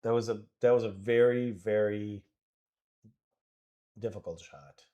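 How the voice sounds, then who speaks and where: A man's voice: lowish voice, fairly even intonation, measured pace, warm tone, muffled recording. A man giving casual live commentary on a pool match, rambling and joking as he thinks aloud about the shots.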